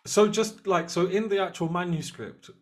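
A man's voice: sits high, normal speed. A man hosting a history interview, asking eager questions and chatting with his guest. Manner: eager, apologetic asides. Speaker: podcast host. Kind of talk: conversational interview.

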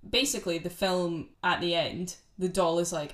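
A young woman, her voice sitting a little low. She talks as a laid-back podcast co-host, chatty and sweary, mocking a film as she tells its plot. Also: little pitch movement, moderate pace, a bit bright. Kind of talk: casual chat.

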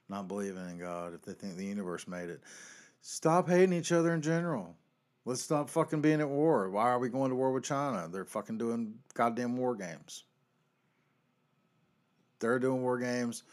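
Low-voiced profane man ranting. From North Carolina. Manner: profane, ranting, swings between yelling and muttering. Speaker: podcast host. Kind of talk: casual ranting monologue.

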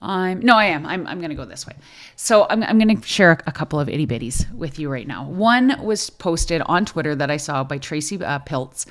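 A middle-aged woman, a school librarian hosting a podcast, talking in a chatty, animated way with frequent restarts. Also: sits low, brisk. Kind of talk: casual chat.

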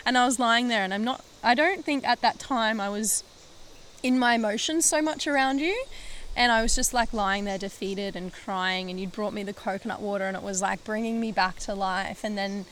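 A woman podcast host telling a story in casual conversation, animated, acting out quotes and swearing casually. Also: mid-range voice, normal speed, a little hiss or hum.

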